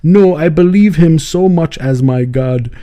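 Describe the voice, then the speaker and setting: A man's voice: fairly high pitch, warm tone, highs cut off, pitched above the performer's own voice, lightly acted. A man putting on the voice of an eager young man who pleads in broken English to be let in. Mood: pleading. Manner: slow, insistent pleading.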